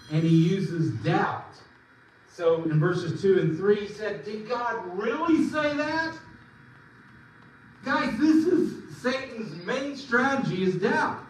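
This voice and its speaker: A man preaching in a fairly high voice, pressing his points with sudden rises and drops. He is heard from a distance in a very echoey hall, with a faint hum of room ambience behind him. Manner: emphatic preaching with sudden swings in pitch and volume. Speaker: pastor. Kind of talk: sermon.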